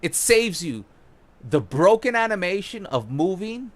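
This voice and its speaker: A young man giving casual, excited tutorial commentary on his own gameplay, swearing now and then as he demonstrates moves. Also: high voice, measured pace. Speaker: gaming YouTuber.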